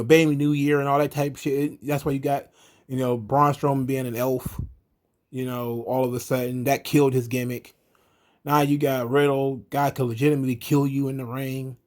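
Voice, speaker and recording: A man's voice: medium pitch, a little mellow. A man hosting his own wrestling commentary, rambling and swearing in an exasperated rant. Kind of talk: casual ranting commentary.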